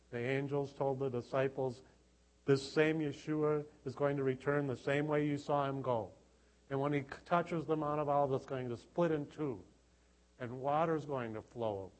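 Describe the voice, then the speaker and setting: A man preaching a sermon, reading scripture and explaining it, sometimes repeating words as he thinks, and rising to loud emphatic passages. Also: mid-range voice, poor audio.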